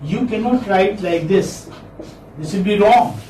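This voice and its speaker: A high-pitched yet dark-toned man keeps a measured pace while leading an English phonetics lesson. He repeats words again and again and puts questions to his students, captured by a distant mic in an echoey classroom with faint noise.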